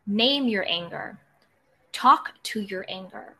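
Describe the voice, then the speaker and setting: A woman's voice: mid-range voice, unhurried, sharp tone. A woman giving a motivational self-help talk in an earnest, direct way, repeating short coaching phrases.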